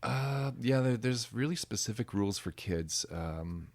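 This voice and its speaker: A man guest telling lively stories about his work as a background performer and acting out what people said. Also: medium pitch, unhurried, creaky. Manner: animated, acts out quoted voices. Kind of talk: casual interview storytelling.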